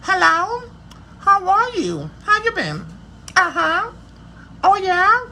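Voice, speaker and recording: A high, sing-song falsetto of a woman chatting on the phone, as a man puts her on to mock someone. The voice swoops up and down and sounds bright and a little strained. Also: wildly swooping pitch, slow pace, creaky, slight background noise, heavily acted. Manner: mocking falsetto imitation.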